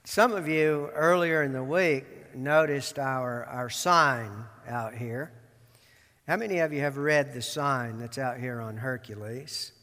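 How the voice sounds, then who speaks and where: Preacher guy, folksy and joking, talks real slow, big echoey hall. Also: medium pitch, pushed and bright. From Georgia, US. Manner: folksy and self-deprecating, acts out film lines. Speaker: pastor. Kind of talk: sermon. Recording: long hall reverb.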